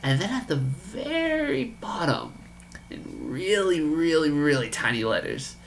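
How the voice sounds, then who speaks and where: A man's voice: on the high side, very animated, unhurried, creaky, a little hiss or hum. Incredulous man telling a story. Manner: incredulous, quoting others in dialogue. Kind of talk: casual storytelling.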